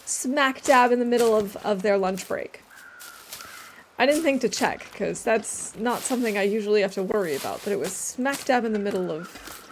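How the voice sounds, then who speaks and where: A woman's voice: medium pitch, a little hiss or hum. A woman streamer giving casual let's-play commentary while she plays, chatty and rambling with a self-amused tone.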